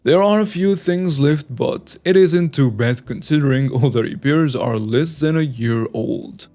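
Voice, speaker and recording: A man narrating scripted online stories in an animated storytelling manner, reading lists item by item. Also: a little high, unhurried, faint music behind.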